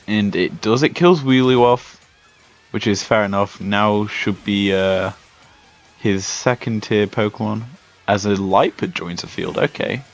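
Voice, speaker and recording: A young British man with a lowish voice offers slow, laid-back, chatty commentary as he plays a video game for a Let's Play. The lo-fi audio is dull, with faint music behind him.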